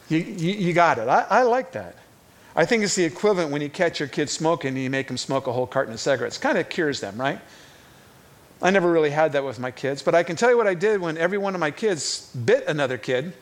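A middle-aged male preacher with a fairly high voice delivers an animated sermon full of stories. He often repeats words as he pushes through a thought, and his energy rises and falls with the telling. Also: fairly quick.

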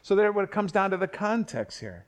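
An older man preaching a sermon in a conversational way, with family anecdotes and quick self-corrections. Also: high voice, very animated. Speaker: pastor.

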